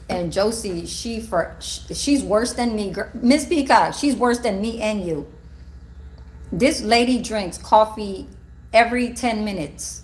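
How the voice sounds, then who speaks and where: Woman, gossipy and animated, care home worker, faint room hum. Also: mid-range voice, measured pace. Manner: gossipy, animated, swears and laughs while telling. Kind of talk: casual storytelling vlog.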